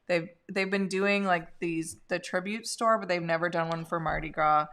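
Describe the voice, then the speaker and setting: A woman's voice: lowish voice, steady tone, moderate pace, fairly bright tone. A woman co-hosting a casual livestream chat, talking in an enthusiastic, filler-heavy way. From California. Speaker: co-host.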